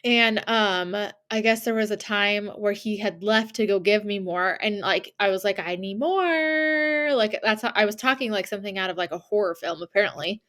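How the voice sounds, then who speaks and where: A young woman speaks briskly with hardly any pauses, her pitch medium, as she co-hosts a podcast. Her casual storytelling is animated, full of laughter and impressions of the people involved.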